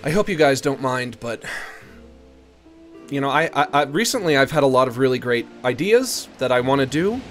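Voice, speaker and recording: Male streamer with a mid-pitched voice, joking and rambling through casual chat. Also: expressive, normal speed, soft background music.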